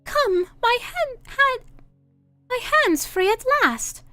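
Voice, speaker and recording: A piping, earnest little girl with a high voice, put on by a woman reading aloud. She sounds indignant and eager. The recording is dry and close, with faint music behind. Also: wildly swooping pitch, measured pace, fairly bright tone, no room sound, heavily acted. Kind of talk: storybook reading for a live stream.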